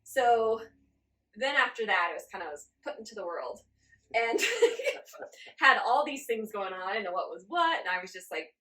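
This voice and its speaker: Animated woman telling a story, laughing. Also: mid-range voice, moderate pace. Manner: animated, laughs often, acts out her own past reactions. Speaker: guest channeler. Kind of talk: casual interview storytelling.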